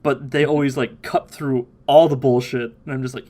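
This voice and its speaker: Animated male podcast host recapping. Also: medium pitch, normal speed. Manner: animated, laughs often, mimics voices. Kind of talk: casual recap chat.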